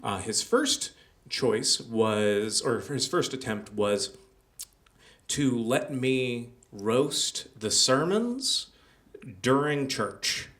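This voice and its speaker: A man's voice: mid-range voice, lively intonation, extremely slow, fairly bright tone. A young man telling a personal story on a small theater stage, conversational and full of "like" and "uh". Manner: conversational, filler-heavy with many "like" and "uh". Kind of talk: live storytelling.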